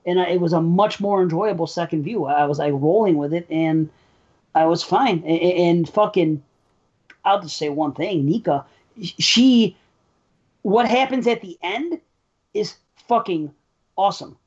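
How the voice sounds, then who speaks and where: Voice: medium pitch, a little slow, a little mellow, husky. A speaker giving strong, profane opinions in a casual film discussion. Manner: emphatic, swears often, opinionated. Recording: slightly dull audio.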